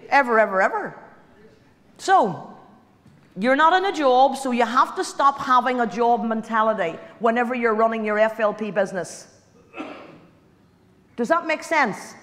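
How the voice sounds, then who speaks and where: A woman's voice: on the high side, fairly bright tone. Woman speaking in a reverberant hall. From Ireland. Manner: chatty, direct, repeats key lines for emphasis. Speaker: motivational guest speaker. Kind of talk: motivational speech to an audience. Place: large hall. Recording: hall reverb, stage speech.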